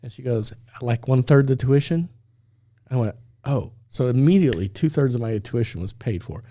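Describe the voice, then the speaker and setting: A man's voice: medium pitch, animated, moderate pace, dark tone. A man telling a personal story on a faith talk show, acting out the dialogue and laughing often.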